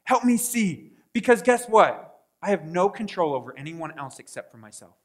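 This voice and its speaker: High-voiced man preaching conversationally. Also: sing-song, brisk. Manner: conversational preaching with rhetorical questions and quoted prayers; swings from quiet asides to loud bursts. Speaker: pastor. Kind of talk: sermon.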